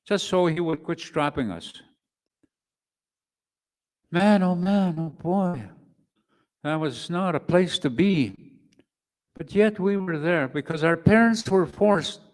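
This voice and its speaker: High-voiced older man giving testimony. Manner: slow, emphatic, with repeated phrases and demonstrations. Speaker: speaker at a men's conference. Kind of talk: personal testimony talk.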